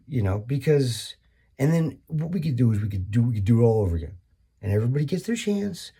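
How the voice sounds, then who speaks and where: A man doing a rambling, profane comedy monologue, full of restarts and sudden high-pitched bursts. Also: big pitch swings, brisk, warm tone, slightly rough.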